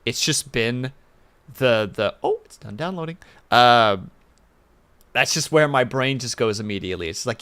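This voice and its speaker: Male streamer, casual rambling chat, lively swooping pitch, smooth clear voice, desk mic at home. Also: moderate pace. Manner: rambling, animated, playful asides.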